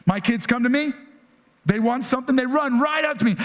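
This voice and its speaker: A man with a high-pitched voice preaching in a loose, conversational way. He peppers his points with rhetorical questions and slips into playful imitations of children asking their father for things. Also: animated, fairly quick, a bit bright. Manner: acts out children's pleading voices. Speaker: pastor. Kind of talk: sermon.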